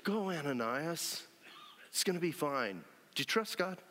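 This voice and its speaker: Animated male preacher in a reverberant hall. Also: on the high side, measured pace. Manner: animated, acts out scenes, frequent shouts of joy. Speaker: pastor. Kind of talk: lively sermon. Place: church sanctuary.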